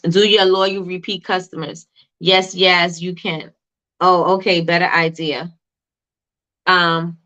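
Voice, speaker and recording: A woman hosting a live coaching stream for small business owners, talking fast, repeating herself and answering the chat as she goes. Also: lowish voice, level tone, bright, forceful tone.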